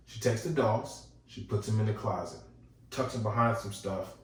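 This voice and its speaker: A man hosting a podcast, telling a ghost story in a casual, animated way and chuckling as he goes. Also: on the low side, normal speed. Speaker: podcast host. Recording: echoey room, distant mic.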